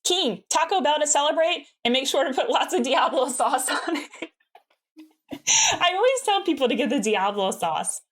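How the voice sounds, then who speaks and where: A young woman from the United States is streaming a game and chatting casually with her viewers. Her high-pitched, expressive voice moves at a moderate pace, and she's giggly and bubbly, peppering her speech with "like."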